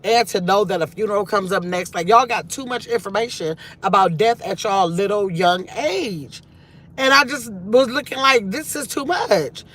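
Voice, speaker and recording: A woman's voice: mid-range voice, normal speed, fairly bright tone. A middle-aged grandmother hosting a casual live chat from her car, rambling and reflective as she reads viewer comments aloud. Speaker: livestream host.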